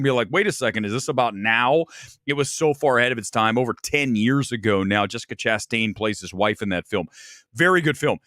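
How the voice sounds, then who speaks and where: A man's voice: medium pitch, a bit bright, no room sound, studio quality. A man from Ohio hosting a casual live-stream film review, opinionated and talking straight to his viewers. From Ohio, USA. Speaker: movie review host.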